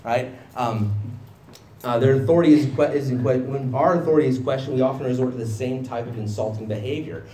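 A man's voice: mid-range voice, fairly quick, mellow, roomy sound. A man preaching through a Bible passage in a conversational way, often checking in with his listeners and acting out the people in the story. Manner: conversational, asks "right?" often, acts out quoted voices. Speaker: pastor. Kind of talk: expository sermon.

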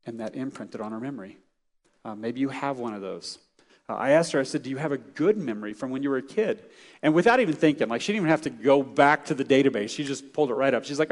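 A man's voice: medium pitch, lively intonation, quick pace. A middle-aged man preaching a sermon as pastor, conversational and anecdotal, with frequent fillers and restarts. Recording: long hall reverb.

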